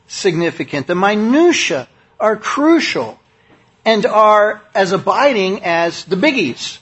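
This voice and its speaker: A man's voice: high-pitched, sing-song, takes it slowly, fairly bright tone, breathy edge. A man preaching a sermon, speaking in a conversational, emphatic way with many fillers and restarts.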